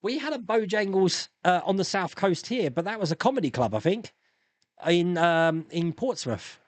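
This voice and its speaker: Chatty and animated, an English man in his 50s runs a casual live stream where he reads viewer comments aloud and laughs often. He has a high-pitched voice and a moderate pace, recorded with no echo.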